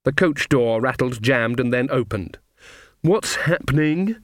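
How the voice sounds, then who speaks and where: A man's voice: mid-range voice, steady tone, normal speed, no room sound. A man narrating an audiobook with a dry, wry storytelling manner.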